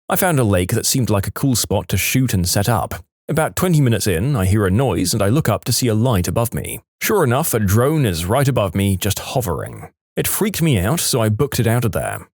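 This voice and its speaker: Man, story narrator, low voice, animated pitch, dramatic with wry asides. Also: no room sound, clean studio sound. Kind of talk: scripted narration of reddit stories.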